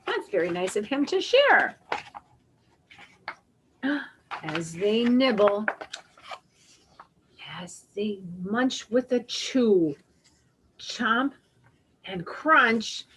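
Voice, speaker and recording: A woman reads a children's picture book aloud in a dramatic, animated way. Her slightly high voice swoops widely in pitch. She takes everything very slowly. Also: noisy background. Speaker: storybook reader.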